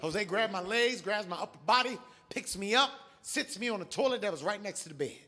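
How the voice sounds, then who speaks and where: High-voiced, profane stand-up comedian. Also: male voice, fairly quick. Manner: profane, animated, shouts for emphasis. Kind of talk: stand-up storytelling. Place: large theater stage. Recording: live show, loud audience laughter and noise.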